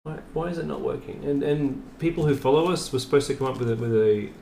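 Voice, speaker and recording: A man's voice: medium pitch, fast talker, vocal fry, mellow, slight background noise. A middle-aged man hosting a craft live stream in casual, self-mocking chat, laughing often. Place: home room. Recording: echoey room, faint ambience.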